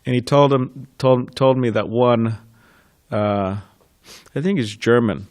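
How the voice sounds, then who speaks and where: A man giving a temple scripture class, telling stories in an informal way and laughing softly between thoughts. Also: medium pitch, takes it slowly, no room sound, studio quality. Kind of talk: reminiscing temple class talk.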